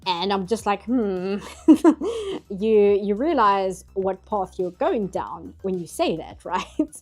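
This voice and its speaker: A woman's voice: mid-range voice, animated, a little slow, soft background music. A woman, hosting a casual livestream chat and talking easily with frequent laughs. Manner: chatty, laughs often, mock outrage. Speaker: livestream host.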